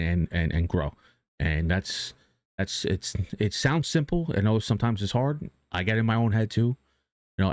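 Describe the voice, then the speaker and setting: A man's voice: lowish voice, a little mellow, no echo. A man streaming live who talks casually and earnestly about motivation, rambling with many restarts and fillers and swearing now and then.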